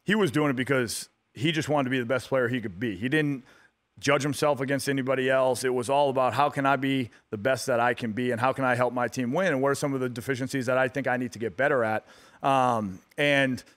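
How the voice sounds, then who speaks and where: A man in his thirties, a guest on a radio talk show, telling stories in a relaxed way with many fillers and restarts. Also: mid-range voice, quick pace. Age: 30s. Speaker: guest athlete. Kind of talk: casual radio interview.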